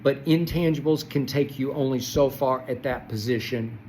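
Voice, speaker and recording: An older man delivers a heated solo sports rant, his voice at a middling pitch for a man. He jumps from loud, exasperated outbursts to low, muttered asides. A faint hum of room noise sits behind him. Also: moderate pace, poor audio. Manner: impassioned, swings between shouting and soft muttering. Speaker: sports commentator host.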